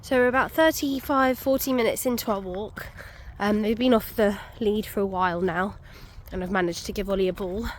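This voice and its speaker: A woman's voice: medium pitch, fairly even intonation, fairly quick, few pauses, a little hiss or hum. A young woman, out of breath, chatting casually to camera on a muddy country walk with many ums. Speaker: vlogger. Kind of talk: casual walking vlog.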